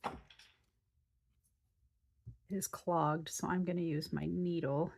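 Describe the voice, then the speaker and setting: Brief: woman craft host, lowish voice, relaxed chatty walkthrough at her table. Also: slow pace, gravelly, a little hiss or hum. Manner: chatty, thinks aloud while working. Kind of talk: casual craft tutorial.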